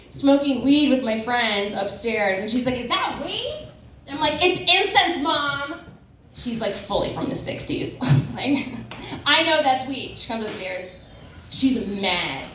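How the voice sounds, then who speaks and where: A woman's voice: medium pitch, a little hiss or hum. A young woman performing a stand-up comedy set, rambling and self-deprecating, with a lot of "like" and "um". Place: comedy club stage. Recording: roomy club sound from a distance. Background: audience laughter.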